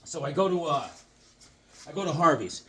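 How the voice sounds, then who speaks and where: A comic collector chatting on his channel with a bouncy, up-and-down delivery. He is jokey and theatrical and keeps slipping into silly bits between the stories. His voice sits a bit high for a man. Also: expressive, normal speed, sharp tone, slight background noise. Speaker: comic book collector and video host. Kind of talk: casual vlog chat.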